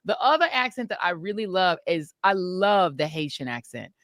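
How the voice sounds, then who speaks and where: Woman, podcast co-host, casual chat, lively swooping pitch, dry close sound. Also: moderate pace, no echo. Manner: animated, emphatic storytelling with laughs.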